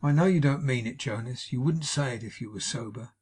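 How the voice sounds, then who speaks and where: Meek pleading young wife as a man reads her, soft, slightly raised, husky, audiobook. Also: mid-range voice, fairly quick, lightly acted.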